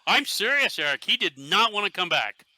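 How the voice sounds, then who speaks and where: Middle-aged guy from northeast pennsylvania telling stories on a podcast, real bright voice, kinda high, dry close mic. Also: fairly quick, no echo. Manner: animated storyteller, acts out quotes with laughs. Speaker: podcast guest, airsoft team leader. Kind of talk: casual podcast chat.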